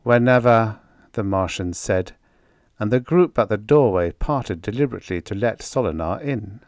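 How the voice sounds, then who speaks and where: A man narrating a science fiction short story as an audiobook, reading slowly and deliberately. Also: on the low side, expressive, a little mellow, no echo. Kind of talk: scripted narration.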